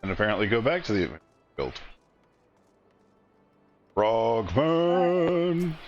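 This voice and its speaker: A man's voice: fairly low pitch, moderate pace, a bit bright, dull audio, soft background music. A man casually chatting and joking while streaming a game. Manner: chatty, joking, reads game dialogue aloud. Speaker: streamer playing an online game.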